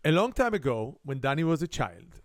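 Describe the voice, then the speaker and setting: A middle-aged Israeli man, a native Hebrew speaker with an Israeli accent and broken English grammar, hosts a playful family spelling game and tells a comic story. His voice is fairly high and sing-song, and he speaks fairly quickly. The recording is studio quality with no echo.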